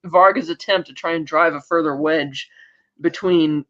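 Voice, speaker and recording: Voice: medium pitch, steady tone, moderate pace, a bit bright, muffled recording. Rambling podcast co-host recapping TV. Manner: rambling, restarts, acts out quoted lines. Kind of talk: casual TV episode recap.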